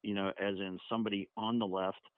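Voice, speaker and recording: A man calling in as a podcast guest, speaking in a measured way with many fillers. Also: lowish voice, level tone, dry recording. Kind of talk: casual political talk. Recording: tinny phone line.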